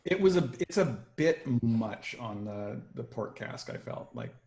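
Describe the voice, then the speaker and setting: A man's voice: mid-range voice, animated, measured pace, gravelly, darkish tone. A man co-hosting a casual whisky-tasting chat, dry and wry, matter-of-fact. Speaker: podcast co-host.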